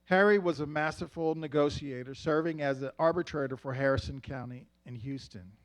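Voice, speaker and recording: Man giving a slow, heartfelt testimony. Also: a little high. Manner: slow, heartfelt, measured delivery. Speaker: church member giving a testimony. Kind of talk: spoken testimony.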